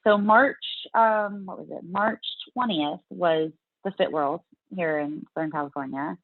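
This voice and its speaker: A woman's voice: fairly low pitch, unhurried, gravelly, no echo. A middle-aged woman from the US South, a guest in a casual interview, chatting and acting out her own past reactions in quotes. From Louisiana, US South. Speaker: interview guest, fitness competitor. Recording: dry, tinny phone-like line.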